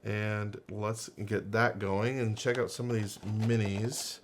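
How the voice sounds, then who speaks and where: A man's voice: fairly low pitch, flat delivery, slow, a little hiss or hum. A man hosting a casual unboxing video, rambling and thinking aloud with lots of fillers and restarts. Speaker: unboxing channel host.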